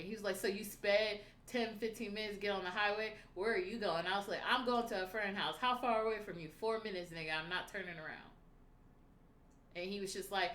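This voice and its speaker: A young woman telling a story in casual livestream chat, animated and profane, acting out the lines of the people in it. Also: mid-range voice, fast, roomy sound. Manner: animated, profane, acts out quotes.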